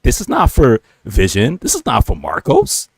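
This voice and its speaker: A man, co-hosting a live chat stream, talking in an animated, slangy, emphatic way. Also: medium pitch, normal speed, creaky, breathy edge, no echo. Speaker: livestream co-host. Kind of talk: casual chat.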